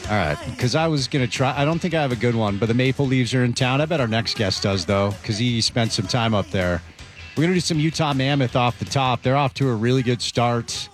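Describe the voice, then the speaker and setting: A man hosting a sports radio show in an easy, rambling way, often restarting his sentences. His voice sits at an ordinary middle pitch, and a faint music bed runs under him. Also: a little fast. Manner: loose and chatty, with restarts. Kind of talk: casual sports radio chat.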